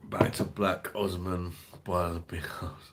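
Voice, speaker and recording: Deep-voiced swearing man. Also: level tone, slow pace, noisy background. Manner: swears freely, rambling, laughs often. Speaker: beer review channel host. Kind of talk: casual livestream chat reading viewer comments.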